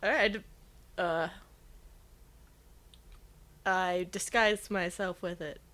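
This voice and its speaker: Giggly woman player, bright voice. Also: lowish voice, steady tone, very slow. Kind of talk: casual tabletop role-play.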